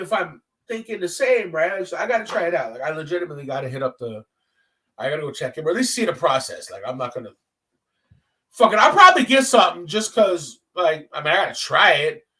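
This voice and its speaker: A man's voice: high-pitched, recorded from a distance. A man hosting his own podcast, telling stories in casual, profane talk and acting out the lines of people he met. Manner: animated, profane, acts out quoted dialogue. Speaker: podcast host. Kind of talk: casual solo storytelling.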